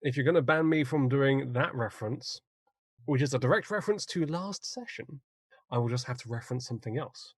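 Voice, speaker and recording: Man, husky, dry close sound, wry cheeky player, game recap, video call. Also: mid-range voice, a little fast, dry recording. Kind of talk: recapping a tabletop game session.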